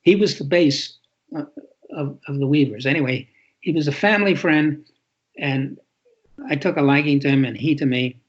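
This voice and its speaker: The guest, an author from New York City in his eighties, speaks thoughtfully in an interview and often repeats words for emphasis. His voice is a little high and husky at a moderate pace, heard through lo-fi, muffled audio.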